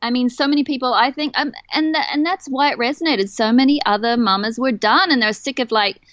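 A woman speaks as a guest on a podcast, animated and candid. Her voice is fairly high, and the remote audio sounds dry and muffled. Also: fairly quick, dry recording. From Australia. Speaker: guest, company co-founder.

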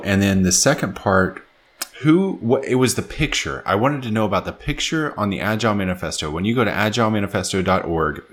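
A man co-hosting a podcast in casual chat, upbeat and chatty, laughing easily. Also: low voice. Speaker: podcast co-host.

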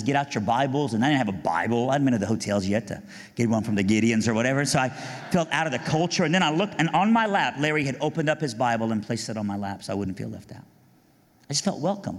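A man giving a sermon testimony, telling his story and building to fervent preaching. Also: medium pitch. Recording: long hall reverb.

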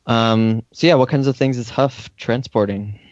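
A man's voice: mid-range voice, steady tone, moderate pace, a little mellow, dry recording. A man co-hosting a casual podcast chat in a playful way, putting questions to the group. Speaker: podcast co-host. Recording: dull dry podcast audio.

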